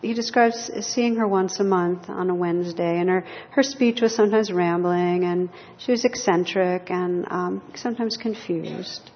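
A woman meditation teacher giving a gentle, reflective dharma talk to a group in a hall. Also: on the low side, moderate pace, hardly any pauses. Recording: lo-fi hall recording with long reverb.

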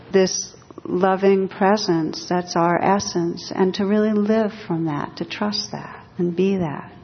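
Gentle woman giving a dharma talk. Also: medium pitch. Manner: gentle, measured, reflective. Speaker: meditation teacher. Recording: dull recording in a reverberant hall.

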